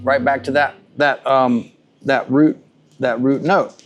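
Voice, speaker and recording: A man's voice: mid-range voice, fairly even intonation, slow pace. A man teaching a live guitar masterclass, talking loosely and repeating himself as he thinks aloud between demonstrations. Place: room with a live audience. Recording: guitar music loud behind the voice.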